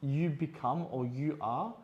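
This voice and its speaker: Casting note: male podcast co-host, lively storyteller who acts out quotes, faint hiss behind. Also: fairly high pitch, measured pace, dull audio. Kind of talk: casual chat.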